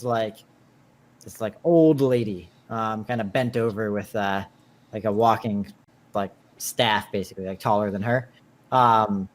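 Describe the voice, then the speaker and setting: Halting male game master, casual narration. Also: medium pitch, a little hiss or hum. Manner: halting, full of "like" and "um" fillers.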